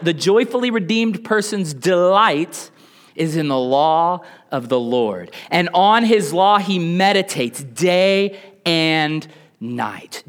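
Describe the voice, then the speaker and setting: A man with a high voice preaches to his church. He questions the congregation and waits for replies, then sinks to a near whisper on the phrases he wants to stress. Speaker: pastor. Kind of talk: sermon.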